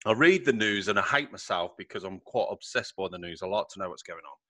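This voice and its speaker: A man hosting a podcast in a chatty, jokey way and laughing loudly. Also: low-pitched, expressive, quick pace, no room sound. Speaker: podcast host. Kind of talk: casual podcast chat.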